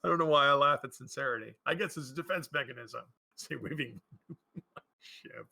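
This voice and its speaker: A man's voice: medium pitch, normal speed, vocal fry, bright, forceful tone. A man running a tabletop game as game master, hesitant with many fillers and often laughing.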